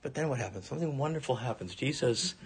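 Husky-voiced man preaching a sermon. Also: medium pitch, expressive, fast. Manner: earnest expository preaching. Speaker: pastor.

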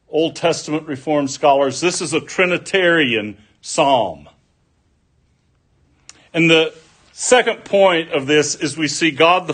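A man preaching a sermon, deliberate and folksy, mixing scripture with homespun stories. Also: on the high side, a bit bright.

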